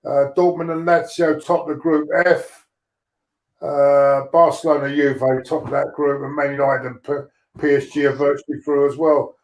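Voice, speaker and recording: A man's voice: fairly high pitch, flat delivery, normal speed, roomy sound, low-quality recording. A man hosting a fan livestream, reading out football scores in a plain, matter-of-fact way. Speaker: fan show host. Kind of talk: casual livestream chat.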